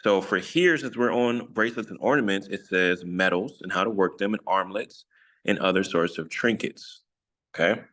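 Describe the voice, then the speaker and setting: A man's voice: low voice, moderate pace, a bit bright. A man teaching an informal scripture study, rambling and self-correcting with jokes along the way. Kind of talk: casual online study lesson.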